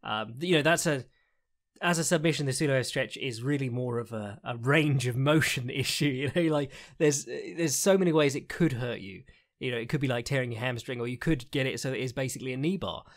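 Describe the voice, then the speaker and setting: A man talking through a fight recap on his podcast, loose and rambling. He fills his thoughts with ums and uhs, swears now and then and laughs at his own remarks. His pitch sits in an ordinary middle range. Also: a little fast. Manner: rambling, frank, swears, frequent fillers and laughs. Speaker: podcast host, fight analyst. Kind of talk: casual solo commentary recap.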